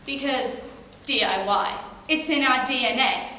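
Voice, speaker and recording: A woman's voice: high-pitched, a little slow, pushed and bright. A teenage girl delivering a formal competition speech in an emphatic, rhetorical manner, filmed by a camera far away in a large hall. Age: late teens. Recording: distant echoey hall with faint noise.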